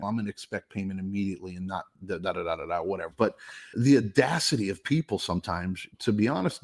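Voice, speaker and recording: A middle-aged man, a podcast host, telling a story in casual chat, animated and cursing freely. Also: lowish voice.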